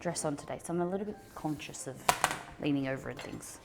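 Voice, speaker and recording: An Australian woman hosting a casual cooking livestream, chatty and excitable as she talks to her chat. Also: low voice, fast talker, heavy background noise.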